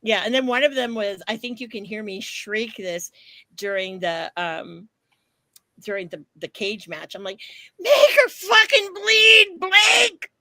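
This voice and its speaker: Animated woman telling a story. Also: mid-range voice, moderate pace, no room sound. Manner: animated storytelling, acts out quotes, swears freely. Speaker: podcast co-host. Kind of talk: casual chat.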